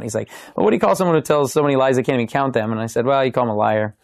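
A young man, a podcast guest, telling his faith testimony in a casual, animated way, acting out the lines of the people in his story. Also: medium pitch, very fast, gravelly, no echo, clean studio sound. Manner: animated, acts out quoted dialogue.

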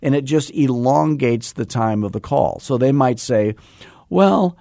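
A man hosting a casual podcast as a sales coach, talking fast and mixing in self-deprecating jokes while he teaches. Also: medium pitch, creaky, warm tone, no room sound, clean studio sound. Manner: fast-talking, admits talking too fast. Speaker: real estate sales coach and host.

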